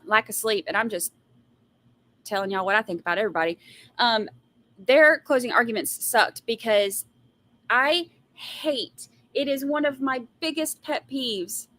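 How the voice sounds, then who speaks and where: A woman's voice: a little high, expressive, measured pace, a bit bright. A woman hosting a live trial commentary, answering viewer comments and giving blunt, sassy opinions with exasperated rants. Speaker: trial commentary livestream host.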